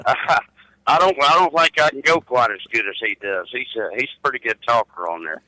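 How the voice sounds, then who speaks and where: A man's voice: mid-range voice, a little fast, pushed and bright, dry recording, low-quality recording. A middle-aged man, chatting casually by phone and restarting his words as he drawls along. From United States. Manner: drawling, repeats words when starting. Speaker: truck driver calling in. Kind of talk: casual chat.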